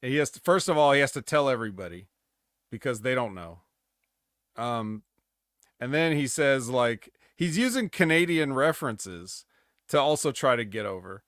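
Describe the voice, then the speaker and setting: A man's voice: mid-range voice, sing-song, normal speed, fairly bright tone, dry recording, clean studio sound. A man co-hosting a podcast, recapping wrestling in a rambling, jokey way and slipping into mock promo voices. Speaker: podcast co-host. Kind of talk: casual wrestling recap chat.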